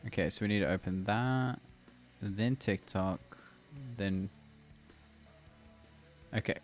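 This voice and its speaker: Speaking slowly in a fairly low pitch, the young Australian guy drifts through casual stream talk, greeting people by name and laughing frequently. Quiet music runs in the background.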